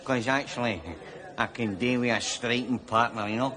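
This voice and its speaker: A Glaswegian actor playing a boastful, leering drinking pal in a sitcom, with audience laughter. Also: male voice, mid-range voice, fairly even intonation, normal speed, bright, forceful tone, lightly acted. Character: boastful middle-aged Glasgow drinker, cocky. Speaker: sitcom character. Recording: studio audience laughter behind.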